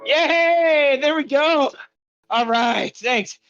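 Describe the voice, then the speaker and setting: A man hosts a casual live podcast, out of breath as he introduces each guest while pedaling. His voice has a bright, forceful edge. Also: sits high, normal speed, lo-fi sound. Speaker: podcast host.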